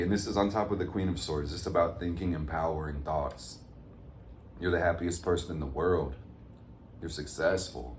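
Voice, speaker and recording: A man's voice: deep voice, a little mellow, reverberant, a little hiss or hum. A man giving a casual, upbeat tarot reading to his viewers, full of motivational pep talk. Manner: upbeat, motivational, addresses viewers as fam and gang. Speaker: tarot reader.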